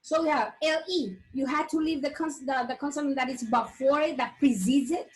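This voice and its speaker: A woman with a high voice teaches an online English class. She explains step by step, repeating words and pausing on fillers. She is heard through a computer mic on a video call. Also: poor audio.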